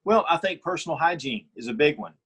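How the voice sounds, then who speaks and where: A middle-aged man, a guest on an interview, talking in an opinionated, storytelling way with a husky voice. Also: a little high, animated, fast talker, a bit bright. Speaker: guest, firearms reviewer. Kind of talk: casual interview chat.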